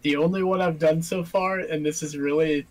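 A man's voice: on the high side, steady tone, normal speed, a little mellow, low-quality recording. A man co-hosting a casual gaming podcast, laid-back and brief in his replies, with fillers. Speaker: podcast co-host.

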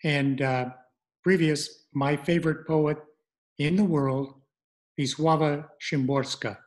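A middle-aged man presenting an online language lesson, speaking haltingly with many fillers and restarts. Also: fairly high pitch, steady tone.

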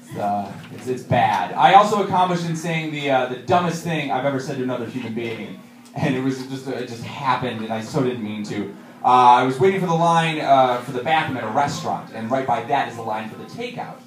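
Animated stand-up comic in a roomy club. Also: male voice, mid-range voice. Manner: animated, self-mocking storytelling with shouted punchlines. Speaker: stand-up comedian. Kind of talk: stand-up set. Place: comedy club stage with audience. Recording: roomy, distant live club recording.

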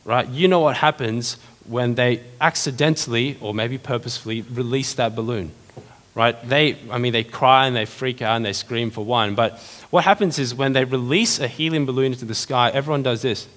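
A male pastor delivers a sermon with a middle-pitched voice and keeps it lively and conversational, tossing rhetorical questions at the congregation. His words ring out with a long reverb from the church hall around him. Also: moderate pace.

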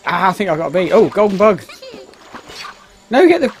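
Brief: man narrating gameplay casually, chatty and exclamatory, slightly high voice. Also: very animated, fairly quick, a little hiss or hum. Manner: rambling, exclaiming at the game, muttering asides. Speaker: gameplay commentator. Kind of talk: casual let's-play commentary.

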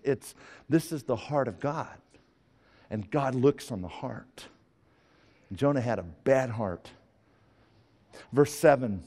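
Guy preaching a sermon, acts out whiny bits, long church-hall echo. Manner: animated preaching, mimics whiny voices at high pitch. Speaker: pastor.

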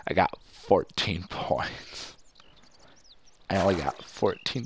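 A man's voice: deep voice, slow pace, a little hiss or hum. A young man doing casual gameplay commentary, playful and goofy, talking to the fish on screen. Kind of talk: casual let's play commentary.

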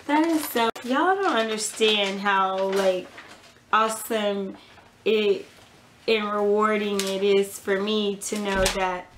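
A woman's voice: medium pitch, background noise. Chatty woman opening fan mail. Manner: chatty, gushing, fast asides. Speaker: couponing vlogger. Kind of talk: casual mail-opening chat.

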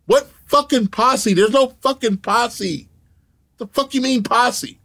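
A man telling a profane story as an interview guest, animated, laughing often and acting out the other people in it. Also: very high voice, slow pace.

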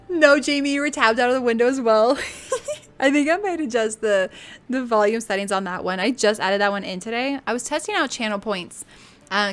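Chatty woman streamer, slightly high voice. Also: a bit bright. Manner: chatty and upbeat, laughs often. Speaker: live streamer. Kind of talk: casual chat while playing a life-sim game.

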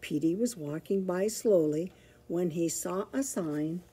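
A woman librarian reading a picture book aloud to children, with expressive, animated storytelling. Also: lowish voice, unhurried, slightly rough.

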